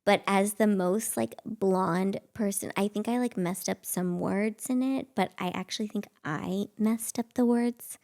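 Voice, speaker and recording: A woman's voice: mid-range voice, a little slow, vocal fry, few pauses, darkish tone. A woman in her thirties, a guest actress, telling stories in a casual, rambling way full of fillers. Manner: rambling storytelling, many fillers like "like". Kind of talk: casual chat.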